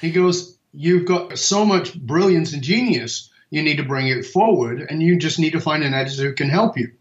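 A middle-aged man, a speaker and author, talking as a guest on an interview show and telling stories with acted-out dialogue. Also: a little high. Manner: animated storyteller, acts out dialogue. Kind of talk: storytelling interview talk. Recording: roomy, dull remote audio.

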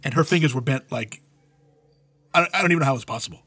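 A man on a podcast, chatting casually and telling profane, animated stories. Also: mid-range voice, fast, a little hiss or hum. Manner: animated storyteller, swears freely, acts out quoted voices. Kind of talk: casual chat.

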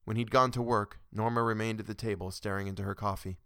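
A man narrating a short story in a steady, measured reading. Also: fairly low pitch, smooth, no echo, studio quality.

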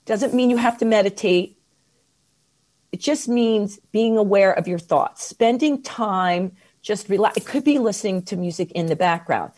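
Expressive woman guest, mid pitch, talks self-care advice with lively emphasis and slow stressed phrases. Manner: expressive, animated, slows down for emphasis. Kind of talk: conversational interview advice.

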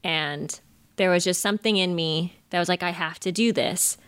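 A woman co-hosting a podcast, telling stories in a casual, animated way, swearing freely and laughing often. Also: lowish voice, normal speed, clear, resonant tone, dry recording. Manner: animated, profane storytelling with frequent laughter. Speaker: podcast co-host. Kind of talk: casual chat.

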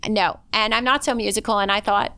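A woman's voice: mid-range voice, steady tone, a little fast, bright, forceful tone, clear, resonant tone. A middle-aged woman from Canada, a doctor interviewed in a casual chat, talking frankly and plainly with self-deprecating humor.

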